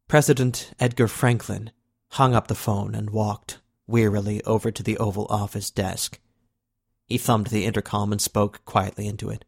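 A man narrating a novel in a steady, even storytelling manner. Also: on the low side, normal speed, gravelly, no echo, clean studio sound. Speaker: audiobook narrator. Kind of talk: scripted narration.

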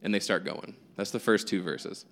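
A man's voice: low voice, normal speed, creaky, fairly bright tone. A young man preaching a casual, conversational sermon as pastor, telling stories with self-deprecating humor.

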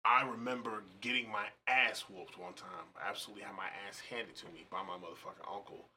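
Casting: man with a very bright, cutting voice, emphatic and profane, faint hiss. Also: lowish voice, fairly even intonation, fairly quick. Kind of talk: casual podcast chat.

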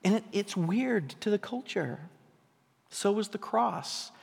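A pastor preaching a sermon in a conversational style, asking the congregation questions and building to emphatic peaks. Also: male voice, sits high, animated, slow pace, creaky, breathy edge. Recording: long hall reverb.

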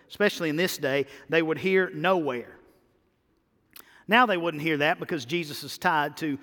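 A man's voice: fairly high pitch, fairly bright tone, long reverb tail. A man preaching a sermon as pastor, emphatic and repeating his key phrases.

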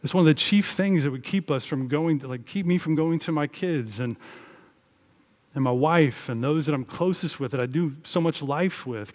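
A man preaching a sermon as a pastor, earnest and conversational, with emphatic rises in his delivery. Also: a little high.

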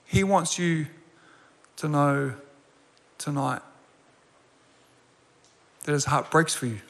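Man in his 40s, pastor, bright forceful voice, earnest sermon delivery with emphatic repeats, long hall reverb. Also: on the high side, slow, vocal fry. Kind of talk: sermon with personal story.

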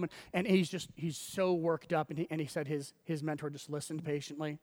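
Higher-voiced pastor man in a reverberant hall. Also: brisk, hardly any pauses. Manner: animated, repeats words when starting phrases. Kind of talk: sermon.

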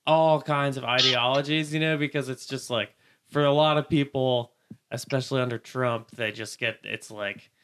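A man's voice: mid-range voice, steady tone, moderate pace, fairly bright tone. A young man hosting a casual chat, rambling and laughing often.

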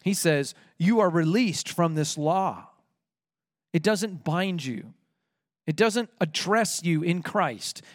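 Man, pastor, sermon, high voice, dry close sound, emphatic on scripture. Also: no room sound. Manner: emphatic preaching, rising on quoted scripture.

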